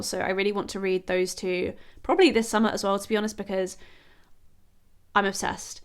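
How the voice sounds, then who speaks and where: Woman book vlogger, casual and rambling, smooth clear tone, mid pitch. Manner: chatty and rambling, many "like" fillers and self-corrections. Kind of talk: casual chat reviewing books.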